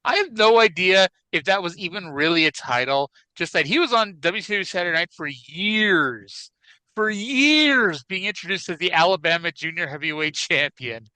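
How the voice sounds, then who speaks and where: A bright, crisp-voiced man co-hosts a podcast. He chats in a wry, profane way, and the recording is close and dry. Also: high voice, animated, moderate pace, dry recording, low-quality recording. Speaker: podcast co-host. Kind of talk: casual chat about wrestling.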